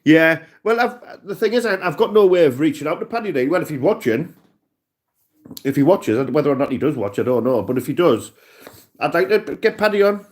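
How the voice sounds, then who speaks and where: A man's voice: a little high, animated, fairly quick. A man with a Cumbrian accent chatting casually and rambling on a live stream, often calling people "mate". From Cumbria, England. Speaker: livestreamer.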